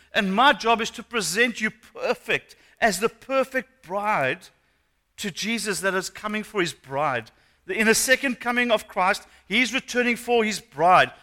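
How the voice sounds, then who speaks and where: A male pastor preaching a sermon, animated and asking the congregation questions. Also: high-pitched. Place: church hall. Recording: long hall reverb.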